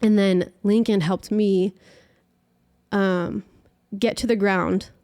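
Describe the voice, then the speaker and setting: A woman's voice: mid-range voice, fairly even intonation, takes it slowly, dark tone, smooth. A young woman, a podcast guest, chatting through a personal story and peppering it with "like". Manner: chatty, heavy use of filler "like".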